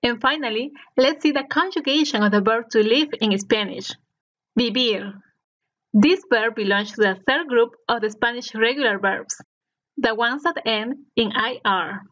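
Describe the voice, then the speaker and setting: A woman narrating a scripted language lesson as the teacher, speaking slowly and clearly so learners can repeat after her. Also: on the high side, a bit bright. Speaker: Spanish teacher. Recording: dull lo-fi recording.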